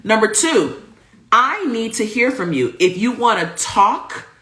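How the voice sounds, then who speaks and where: A woman's voice: a little high, sing-song, unhurried, a bit bright. A woman hosting a livestream show, hyped and playful as she greets viewers and reads out their comments over a video call. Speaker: host.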